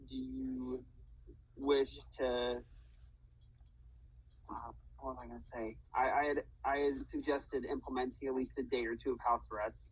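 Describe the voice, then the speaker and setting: A man's voice: mid-range voice, husky, rough recording. A man acting as a lawyer in a casual mock trial over voice chat, rambling and searching for his words. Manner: rambling, full of fillers and restarts. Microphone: voice chat mic.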